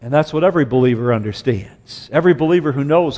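Male preacher, sermon delivery, emphatic swings between urgent and slow, somewhat high voice. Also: a little mellow, in a large hall. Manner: emphatic, swings from raised urgent passages to low slow stresses.

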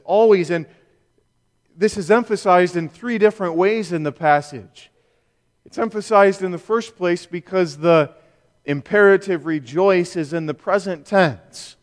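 A male pastor preaching a sermon, measured and emphatic, with rhetorical questions. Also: sits high. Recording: long reverb of a church hall.

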